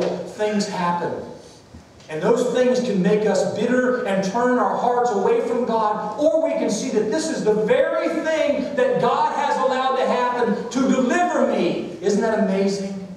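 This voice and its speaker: A man's voice: sits high, darkish tone, a little hiss or hum. A male pastor preaching a sermon. He tells stories and calls out to the congregation for amens. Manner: storytelling and preaching, calling for amens. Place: church sanctuary. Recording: echoey church hall, distant mic.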